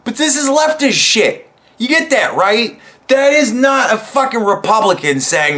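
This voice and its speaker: A man's voice: extremely high pitch, big pitch swings, a little slow, bright, forceful tone. A man hosting a podcast, delivering an angry, mocking political rant full of swearing. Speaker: podcast host. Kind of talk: profane political commentary rant.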